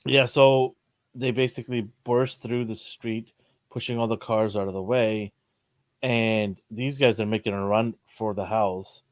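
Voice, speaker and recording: A man in casual chat, retelling scenes with lively acted-out quotes. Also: measured pace, no echo, clean studio sound. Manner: animated storyteller, acts out lines with jumps in pitch. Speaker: podcast co-host. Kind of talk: casual chat recapping a TV episode.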